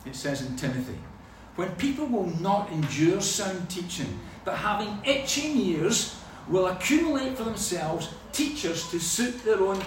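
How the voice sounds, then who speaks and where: A man's voice: high voice, a little hiss or hum. A man preaching a sermon, telling stories with humor. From Scotland. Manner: lively storytelling with humor. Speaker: pastor. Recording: echoey hall from far off.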